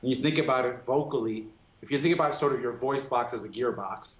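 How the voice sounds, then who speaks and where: A man speaking as a professor and guest, explaining clearly and steadily at a mid pitch. His voice carries a noticeable echo, as if recorded in a roomy space, and he punctuates his points with "right". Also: quick pace. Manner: articulate, explanatory, frequent "right". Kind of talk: interview. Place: remote studio.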